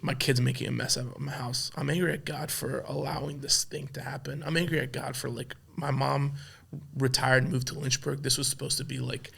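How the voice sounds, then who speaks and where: Brief: man in his thirties, podcast guest, candid and heartfelt, gravelly bright voice. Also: medium pitch, little pitch movement, brisk. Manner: heartfelt, many fillers like "like" and "right". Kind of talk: candid conversational storytelling.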